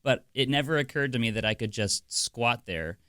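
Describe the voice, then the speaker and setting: A man's voice: mid-range voice, moderate pace, dry recording, studio quality. A man from America co-hosting a podcast, telling stories in casual chat and laughing often. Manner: animated storytelling, laughs often. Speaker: podcast co-host.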